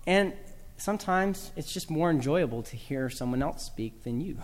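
Man from the South, lecturing a room, dry humor, demonstrative, slightly high voice, long hall reverb. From American South. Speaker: speaker on teaching children speech. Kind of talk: talk to a live audience.

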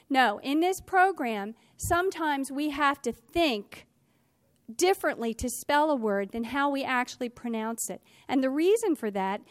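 A middle-aged woman lecturing a class as a teacher trainer, slowing down to stress key words and hurrying through asides. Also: high-pitched, no echo.

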